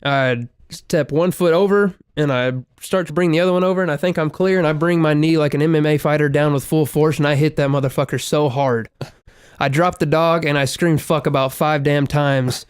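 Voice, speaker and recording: A man co-hosting a podcast, telling stories in a casual, profane and animated way, with loud exclaimed quotes. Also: fairly high pitch, fairly quick, smooth, dry recording, studio quality. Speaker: podcast co-host. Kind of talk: casual chat, storytelling.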